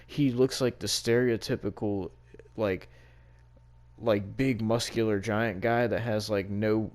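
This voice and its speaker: Low-voiced dude going off about wrestling, cursing constantly, fed up. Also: male voice, steady tone, slow, darkish tone. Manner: profane, exasperated ranting. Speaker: podcast co-host. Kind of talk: casual wrestling review chat.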